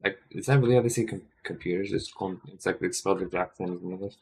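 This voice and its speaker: A tired man talks to himself while studying, his voice low and gravelly with creak. He mutters half-finished thoughts and corrects himself often, in a casual stream. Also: very fast. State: tired and yawning.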